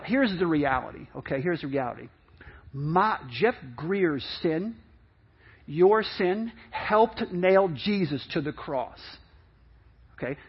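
High-voiced husky male pastor preaching. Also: dull audio. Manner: conversational, repeats and restarts, acts out quoted excuses. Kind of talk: sermon.

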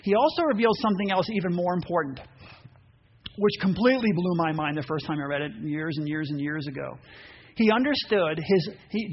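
A man preaching a sermon, animated, acting out voices and reading scripture aloud. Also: high-pitched, husky. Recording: dull muffled sound with faint noise.

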